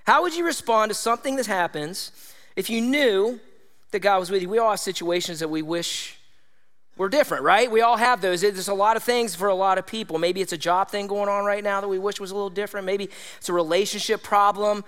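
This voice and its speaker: A man preaching a sermon to his congregation, energetic and conversational, often checking in with his listeners. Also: high-pitched, fairly quick, in a large hall. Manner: energetic, conversational, with tag questions like "all right?". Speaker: pastor. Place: church hall.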